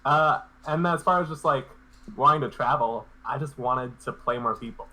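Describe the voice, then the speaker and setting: Guy guesting on a stream, really bright forward voice, laid back, kinda hesitant. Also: mid-range voice, moderate pace, rough recording. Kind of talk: casual live-stream interview.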